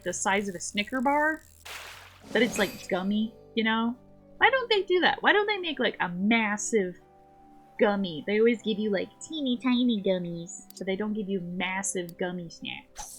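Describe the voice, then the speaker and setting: A woman chats as she plays through a game stream. She talks at an easy, unhurried pace and wanders from one topic to the next, rambling cheerfully. Light game music plays softly in the background. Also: medium pitch. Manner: playful, rambling, chatty. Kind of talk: casual gameplay chat.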